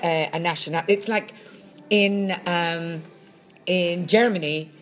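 A man's voice: sits high, steady tone, slow pace, a bit bright. Chatty man hosting a podcast. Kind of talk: casual podcast chat.

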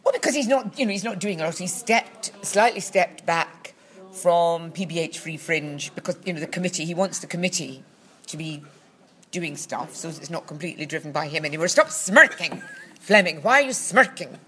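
A Scottish woman chatting as a podcast co-host, her voice sitting a little low. She teases with a dry wit and wanders through long asides. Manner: dry, teasing, drawn-out asides. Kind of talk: casual chat.

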